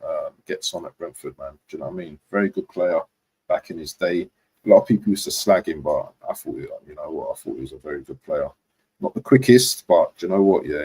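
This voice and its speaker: Husky man, animated football chat. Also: low-pitched, rough recording. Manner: rambling slangy, frequent "do you know what". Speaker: football vlogger. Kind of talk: casual live stream chat.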